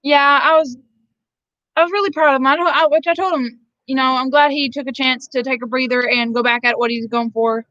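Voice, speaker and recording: A vlogger from Georgia, USA reads her live chat aloud in a high, steady, fairly bright voice with a Southern drawl, talking a little fast. She rambles casually with her stream viewers and laughs often between sentences, and the audio is echo-free but has its highs cut off.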